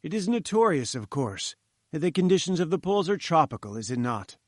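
A man's voice: fairly high pitch, very animated, brisk, no echo, studio quality, pitched above the performer's own voice. A man voicing a pompous, patronizing older professor who lectures condescendingly in an audiobook reading. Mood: lecturing.

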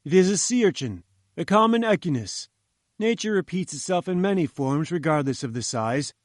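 A man's voice: on the high side, lively intonation, normal speed, no room sound, clean studio sound, lightly acted. A man reading the lines of a pompous, condescending male professor who lectures in a lofty, patronizing manner. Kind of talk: audiobook character voice.

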